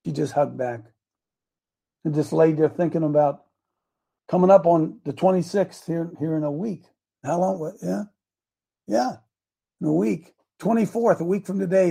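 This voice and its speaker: A man's voice: fairly high pitch, normal speed, creaky, long pauses, warm tone, slightly rough. A man of seventy giving a casual, rambling devotional talk as host, folksy and chuckling, speaking straight to his viewers. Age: 70s. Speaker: host of a daily faith talk show.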